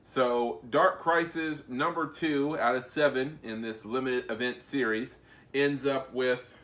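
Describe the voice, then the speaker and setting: A man co-hosting a podcast, casually recapping comic book stories with many fillers and pauses. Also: mid-range voice, steady tone, a bit bright. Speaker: podcast co-host.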